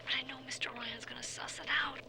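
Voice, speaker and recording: A woman's voice: on the high side, level tone, fast, noisy background, close to an everyday voice. An actress voicing a frightened young woman who whispers an anxious confession in a game audio diary. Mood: fearful whisper.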